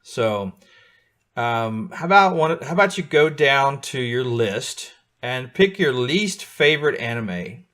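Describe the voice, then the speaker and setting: A middle-aged man leads a live beginner coding lesson at an even pitch. He explains each step patiently and keeps asking his students whether they are following along. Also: slow. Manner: patient, checks in often with students. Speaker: coding teacher.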